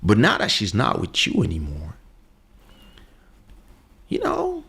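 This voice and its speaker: A man's voice: lowish voice, takes it slowly, gravelly, breathy edge. A man hosting a podcast, telling a story in a casual monologue and acting out the voices of the people in it. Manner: animated storytelling, acts out quoted voices. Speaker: podcast host.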